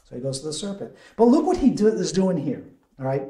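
A man in the role of a deacon, leading a conversational Bible study in an animated way, quizzing the group and chuckling often. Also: fairly high pitch, quick pace. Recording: echoey room.

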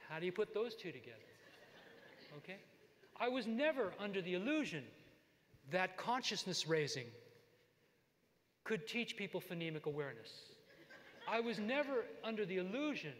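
An older man giving a lifetime achievement talk, telling stories from his career in an animated way with asides to the audience. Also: high-pitched, normal speed, long pauses, slight background noise. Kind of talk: lecture with personal stories. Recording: long hall reverb.

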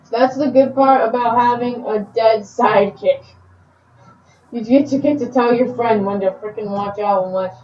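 Woman gaming host, excitable and repetitive, echoey room. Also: on the high side, normal speed, slight background noise. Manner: excitable, repeats words in bursts. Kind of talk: casual game commentary. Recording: echoey, distant, muffled home recording.

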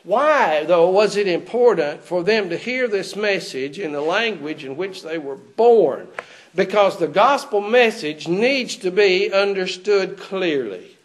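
A male preacher with a raised, fairly high speaking voice works through a Bible passage for his congregation. He often stops to put rhetorical questions to his listeners. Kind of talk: expository sermon. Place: church.

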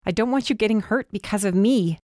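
A woman's voice: medium pitch, brisk, dry recording, clean studio sound, natural voice. A woman voicing a defiant young heroine. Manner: emphatic, rising to shouts. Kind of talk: audiobook character voice.

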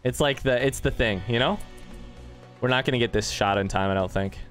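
Young man streamer, mid-pitch voice, chatty and profane, reads chat aloud, panics during play; faint music under him. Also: brisk, a bit bright. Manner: swearing, reads chat aloud, frantic outbursts. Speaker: gaming streamer. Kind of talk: casual live-stream commentary.

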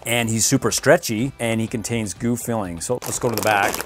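A man's voice: fairly low pitch, brisk, noisy background. A man casually reviewing and unboxing toys, playful and chatty, laughing often. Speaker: toy reviewer.

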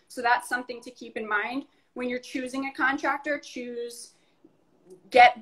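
A woman with a fairly high, sharp voice gives a casual tour of her apartment, offering practical advice along the way. The recording is low quality.

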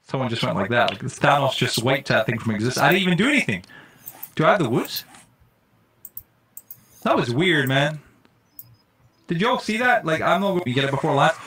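A man doing casual live-stream commentary while playing a game, jokey and excitable, swearing when startled. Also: mid-range voice, brisk, pauses often, slightly rough.

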